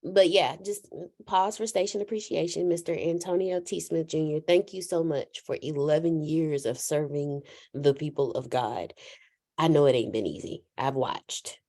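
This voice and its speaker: A woman hosting a casual faith chat, animated, laughing and telling stories like a preacher. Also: deep voice, normal speed. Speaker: host.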